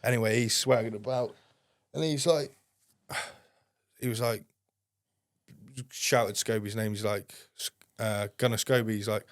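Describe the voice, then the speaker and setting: A man's voice: lowish voice, fairly even intonation, a little slow, pauses often, dry recording, clean studio sound. A man, a podcast guest, telling a story in a casual, blunt way and swearing constantly.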